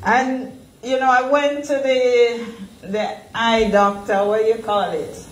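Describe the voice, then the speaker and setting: A woman pastor with a rather high, fairly even voice speaks slowly as she leads a Bible study sermon in a church worship center. She's earnest and emotional and laughs often, and the room sounds echoey.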